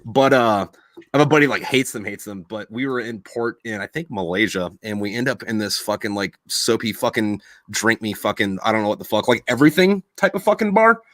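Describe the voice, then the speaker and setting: A young man co-hosting a podcast, chatting casually and telling stories in a profane, animated way. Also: on the low side, brisk, dry recording. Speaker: podcast co-host. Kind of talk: casual chat.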